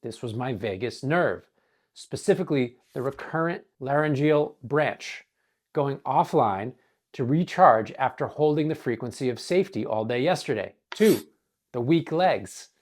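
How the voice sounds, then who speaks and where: Man, hoarse, earnest scripted narration, measured and deliberate. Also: medium pitch, expressive. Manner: measured, earnest, dramatic pauses. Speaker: wellness coach.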